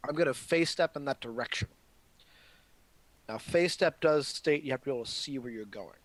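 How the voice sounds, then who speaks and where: A man's voice: medium pitch, moderate pace, no echo. A man playing a tabletop game, politely checking his moves with the table. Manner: polite, asks the table for leeway. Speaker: player. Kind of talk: casual tabletop game chat.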